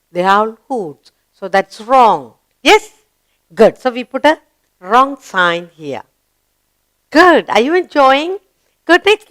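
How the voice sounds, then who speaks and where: Slow, lively woman teaching small children. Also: medium pitch, smooth, no room sound. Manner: slow, sing-song questions to young learners. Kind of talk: children's grammar lesson.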